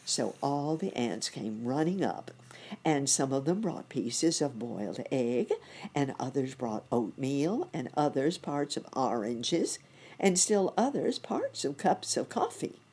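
A woman reading a children's bedtime story aloud in a gentle, expressive way. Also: very deep voice, slow, husky.

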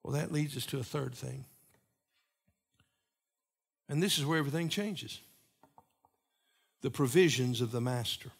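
A man preaching a sermon as pastor, moving between emphatic raised passages and hushed, repeated lines. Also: mid-range voice, unhurried, vocal fry, pauses often, slightly rough. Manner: preaching with swings from loud emphatic peaks to hushed, repeated phrases.

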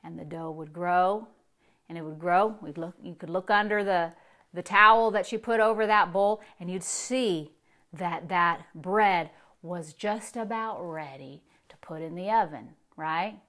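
A woman pastor delivering a sermon, telling a story in a voice that drops low and then rises with emphasis. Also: measured pace. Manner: storytelling preacher, swings from hushed to emphatic.

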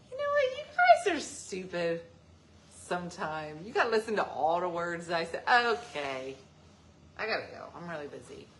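A woman's voice: fairly low pitch, a bit bright, slight background noise. A woman hosting a casual live stream, joking and teasing as she answers viewer comments. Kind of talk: casual chat.

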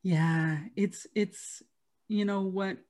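Heartfelt, halting woman podcast host. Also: mid-range voice, fairly even intonation, warm tone. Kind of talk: personal storytelling in conversation.

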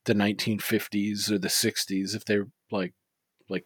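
A man's voice: fairly low pitch, flat delivery, a little slow, fairly bright tone, breathy edge, dry recording. Rambling casual podcast guy, dry mic. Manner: rambling, filler-heavy, swears freely. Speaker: podcast co-host. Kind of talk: casual movie podcast chat.

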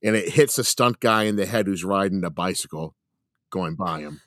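A man's voice: low voice, moderate pace, fairly bright tone, no echo, studio quality. A man in casual chat on a podcast, rambling through a story with lots of fillers and swearing.

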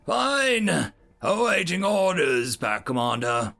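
A man voicing a blunt, proud male alien soldier who talks in a gruff, clipped military way. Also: sits high, animated, unhurried, a bit bright, soft background music, full character voice.

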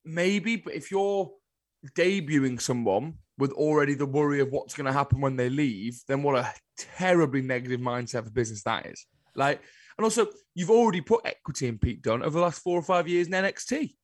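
A man with a fairly high voice talks emphatically on a podcast and ranges from flat complaints to high, incredulous exclamations. His delivery is exasperated and opinionated. The sound is dry and close. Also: fairly quick, no echo. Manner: exasperated, emphatic ranting with sudden high-pitched outbursts. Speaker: podcast co-host. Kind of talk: casual podcast chat.

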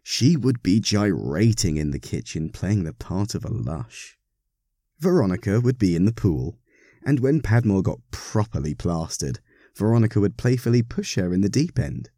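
A man reading a story aloud, narrating in an expressive, wry manner. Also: fairly low pitch, moderate pace, dry recording, clean studio sound.

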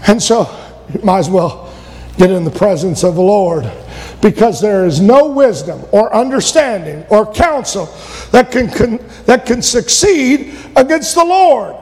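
A man preaching a sermon, retelling a story with shouted emphasis and voiced characters. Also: sits high, expressive, a little slow. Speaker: pastor. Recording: long hall reverb.

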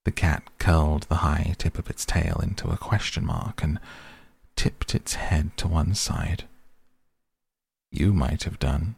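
A man reading a story aloud in a measured, steady narration with a gravelly, husky voice. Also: extremely low pitch. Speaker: audiobook narrator. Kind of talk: scripted narration.

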